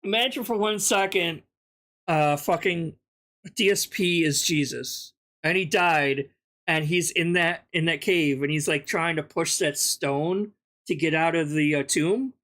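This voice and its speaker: A woman giving an indignant, profane reaction commentary, her throat sore from yelling. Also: low voice, a little slow. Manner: profane, indignant, laughing ranting.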